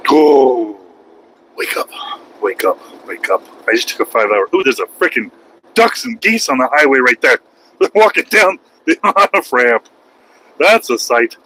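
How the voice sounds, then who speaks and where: A man's voice: mid-range voice, very animated, normal speed, a little hiss or hum, low-quality recording. Rambling, joking man trucker. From United States. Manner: rambling, joking, breaks into loud outbursts. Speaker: truck driver and streamer. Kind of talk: casual livestream chat while driving. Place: truck cab on the highway.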